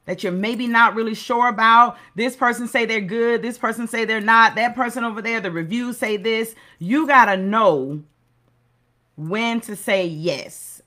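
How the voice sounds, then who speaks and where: A woman's voice: on the high side, sharp tone. Earnest preacherly middle-aged woman. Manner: earnest, preacherly, repeats key phrases for emphasis. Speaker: host of a motivational segment. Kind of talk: motivational talk.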